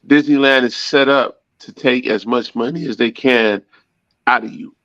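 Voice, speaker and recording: A man's voice: medium pitch, steady tone, moderate pace, a bit bright, dry recording. A blunt man in a casual podcast chat, hammering his point home with repeated, homespun comparisons. His voice sounds dull and lo-fi, with a completely dry acoustic. He often restarts his words midway.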